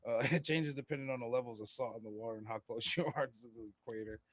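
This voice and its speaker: A man's voice: mid-range voice, fairly even intonation, fast talker, fairly bright tone. American man rambling on a podcast. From United States. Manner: rambling, reads out comments, laughs often. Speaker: podcast co-host. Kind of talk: casual chat.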